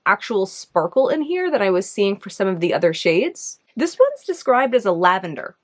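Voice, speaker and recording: A young woman with a New York accent talks through a makeup review in a loose, casual way. She thinks out loud, hedging and circling back with plenty of "like"s, her pitch sitting in an ordinary middle range. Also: sing-song, moderate pace. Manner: chatty, hesitant, thinks aloud with many "like"s. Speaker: beauty video host.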